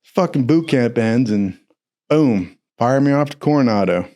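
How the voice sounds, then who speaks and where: A young man in casual storytelling mode, swearing constantly and laughing at his own tales. He acts out the people in his stories by jumping to a higher voice. His talk is loose and profane. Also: animated, a little slow, noisy background. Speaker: podcast storyteller.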